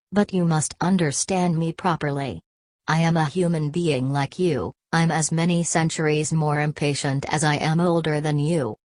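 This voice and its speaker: A woman voicing an ancient, weary male ghost of a hunter in a read-aloud story, in a calm, measured way. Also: low-pitched, no echo, clean studio sound, lightly acted.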